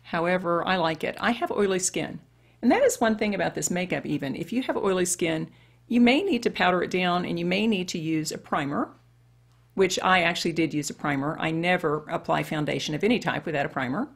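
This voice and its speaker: A woman's voice: on the low side, animated, fairly quick, vocal fry. A woman over fifty chatting her way through a makeup tutorial and talking straight to women viewers. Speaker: beauty vlogger. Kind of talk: casual makeup tutorial chat.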